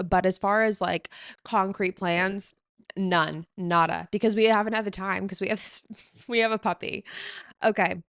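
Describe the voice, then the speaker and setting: A young adult woman hosting her podcast in a casual, chatty way, full of fillers and quick backtracking. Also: medium pitch, clear, resonant tone, dry recording, studio quality. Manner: chatty and animated, filler-heavy, often backtracks. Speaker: podcast host. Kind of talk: casual chat.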